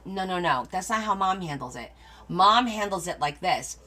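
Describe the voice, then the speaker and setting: A woman's voice: lowish voice, animated, moderate pace, bright, forceful tone. Chatty middle-aged woman hosting a livestream. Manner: chatty storyteller answering viewer comments. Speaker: crafting livestream host. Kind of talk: casual chat with live viewers.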